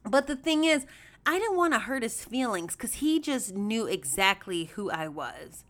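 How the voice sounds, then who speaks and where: A woman hosting a podcast, telling a story in a chatty, animated way, addressing her listeners as y'all and acting out quoted voices with big jumps in pitch. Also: measured pace. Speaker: podcast host. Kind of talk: casual storytelling monologue.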